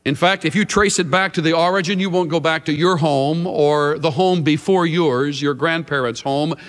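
A man's voice: a little high, moderate pace, in a large hall. A man preaching a sermon as a Bible teacher, emphatic with dramatic shifts of emphasis.

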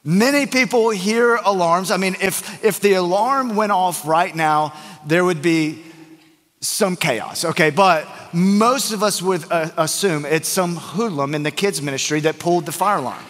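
Joking pastor preaching in a reverberant church. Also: male voice, high-pitched, measured pace, a bit bright. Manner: conversational and joking, acts out quoted voices. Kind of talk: sermon with storytelling. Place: church sanctuary.

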